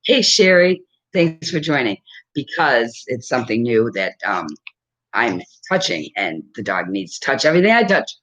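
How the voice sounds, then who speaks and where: A woman's voice: very deep voice, very animated, moderate pace, a bit bright. A woman in her fifties chatting casually to camera at home, rambling and laughing often as she talks. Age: 50s. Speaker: vlogger. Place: at home with a dog. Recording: dull lo-fi recording.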